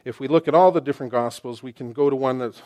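A middle-aged man preaching a sermon in an animated, excitable, conversational way, often restarting his sentences. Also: medium pitch, fast talker.

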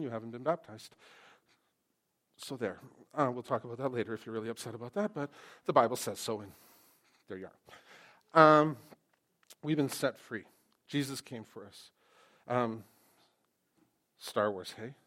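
Delivering his sermon at a medium pitch, this middle-aged pastor keeps things lively and jokey, moving from loud, emphatic moments to hushed, intense ones.

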